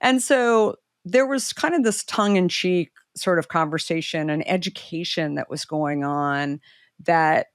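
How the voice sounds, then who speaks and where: With a measured pace and studio-quality sound free of room noise, she tells her story as a middle-aged entrepreneur guest in casual talk. Quoted people get acted out animatedly, with leaps in her pitch.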